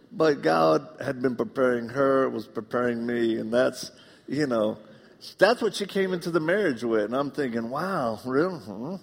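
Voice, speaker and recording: A man with a Southern US accent delivers a live sermon in a church, with a gravelly edge to his voice. He keeps it loose and funny, slipping into playful voices for his stories. The sound carries a long reverb from the hall. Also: medium pitch, expressive, unhurried. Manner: humorous storytelling, acts out dialogue. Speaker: preacher.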